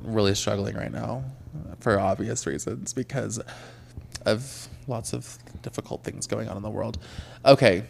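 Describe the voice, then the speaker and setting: A man's voice: fairly low pitch, normal speed, creaky, a little hiss or hum. A young man co-hosting a podcast, chatting casually, rambling and laughing easily while playing a trivia game. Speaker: podcast co-host. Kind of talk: casual chat.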